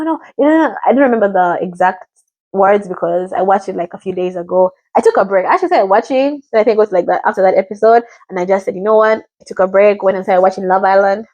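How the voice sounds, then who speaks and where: A woman's voice: medium pitch, a little mellow, dry recording. A woman from Africa in a rambling, chatty review of a reality show, often mimicking what others said. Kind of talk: casual chat.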